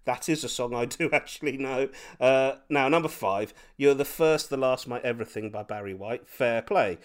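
A man's voice: mid-range voice, moderate pace. Gushing, laughing male podcast host. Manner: enthusiastic, laughs often, gushing superlatives. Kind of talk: casual music podcast chat.

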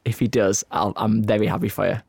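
A man, co-hosting a casual podcast chat, rambling excitedly and laughing often. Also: fairly low pitch, fast talker, creaky, slightly rough, no room sound, clean studio sound. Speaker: podcast co-host.

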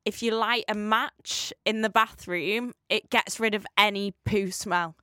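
A woman's voice: mid-range voice, fairly even intonation, unhurried, sharp tone, smooth, no room sound, clean studio sound. A woman co-hosting a casual podcast chat. She is chatty, keeps interjecting and giggles often. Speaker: podcast co-host.

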